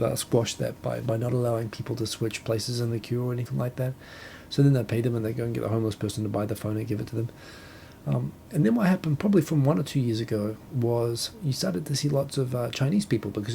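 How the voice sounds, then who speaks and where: He's a fast-talking New Zealander with a New Zealand accent, hosting a casual solo talk show from his home in Tokyo. The medium-pitched, mellow voice carries vocal fry and a little background hiss or hum as he rambles with self-corrections and chuckles.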